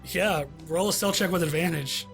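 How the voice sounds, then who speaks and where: A man narrating as game master in a tabletop game, halting, with many fillers. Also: sits high, vocal fry, a bit bright, soft background music.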